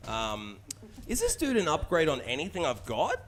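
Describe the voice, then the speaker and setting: A man's voice: fairly high pitch, huge pitch swings, normal speed, fairly bright tone, slight background noise. A man with an Australian accent touched by American vowels, chatting casually and rambling between tangents while he plays and streams a game, swearing freely. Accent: Australian with a slight American tint. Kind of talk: casual chat while gaming.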